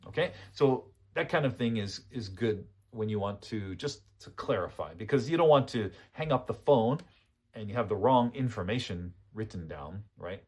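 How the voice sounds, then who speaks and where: A man with a lowish, husky and somewhat breathy voice teaches a relaxed English lesson in a casual spoken style. Patient and easygoing, he repeats each model sentence and then checks understanding with a quick "okay?"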